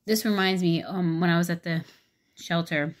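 Deep-voiced woman telling a rambling story. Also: fairly even intonation. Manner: rambling, halting, with many fillers; frank, swears casually. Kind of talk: casual storytelling vlog.

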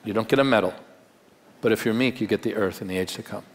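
A man's voice: fairly low pitch, fast talker, slight background noise. Man preaching in a reverberant hall. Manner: conversational, emphatic preaching with wry humor. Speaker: pastor. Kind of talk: live Sunday sermon. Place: large church auditorium. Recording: long hall reverb in live church.

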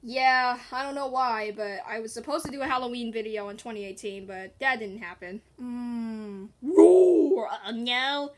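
A woman hosting a gaming video, excitedly reacting to a match and chatting in voices for her stuffed animals. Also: on the high side, normal speed, few pauses. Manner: excitable, squealing and groaning at the game. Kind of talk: playful game commentary with toy voices.

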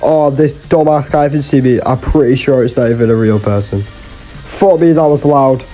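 A man's voice: medium pitch, normal speed, dark tone, faint music behind. A young man giving swearing, exasperated, jokey commentary over his own gameplay. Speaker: gaming YouTuber.

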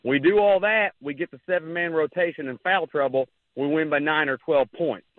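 A man calling into a radio show, out of breath and rambling excitedly about a game. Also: on the high side, moderate pace, no echo. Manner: rambling, excited fan talk. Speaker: caller. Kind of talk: casual call-in chat. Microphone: phone. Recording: tinny phone line.

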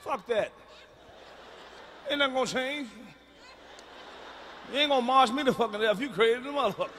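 High, bright, profane stand-up comedian. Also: male voice, moderate pace, a little hiss or hum. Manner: profane, blunt, and booming, with shouted punchlines. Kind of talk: stand-up routine. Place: large concert venue. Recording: live stage mic in a reverberant arena.

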